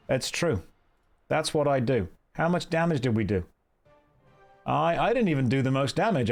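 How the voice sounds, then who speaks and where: Man, home game stream, playful banter, mid-pitched, desk mic, soft music behind. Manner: playful, jokey, chats with viewers. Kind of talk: casual live game stream commentary. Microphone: desk microphone.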